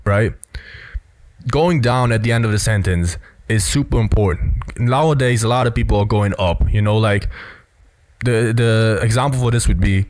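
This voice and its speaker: A man's voice: lowish voice, moderate pace, no room sound. A man giving casual video commentary on body language, explaining step by step and dropping in lots of "you know" and "right?".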